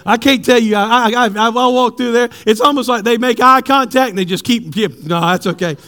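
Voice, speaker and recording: A pastor preaching to his congregation in a notably high voice. He tells animated, humorous stories and then moves into reading scripture. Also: fairly quick. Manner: animated storytelling, jokes with the congregation.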